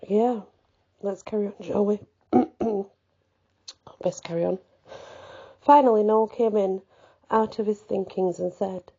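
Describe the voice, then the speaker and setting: A woman's voice: medium pitch, fairly even intonation, takes it slowly, long pauses, mellow, breathy edge, dull audio. A woman reading a novel aloud expressively, stepping out for casual asides. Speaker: reader.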